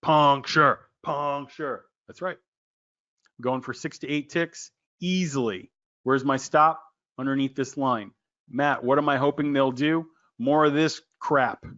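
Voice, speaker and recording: A man teaching a trading lesson in an excitable, loud, jokey way, quizzing his listeners by name. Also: medium pitch, a little slow, muffled recording. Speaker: trading educator. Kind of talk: animated screen-share trading lesson.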